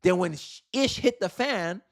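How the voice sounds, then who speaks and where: A man's voice: sits high, lively intonation, measured pace, gravelly. A man hosting a livestream, giving emphatic, opinionated political commentary and repeating phrases for effect. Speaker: livestream host.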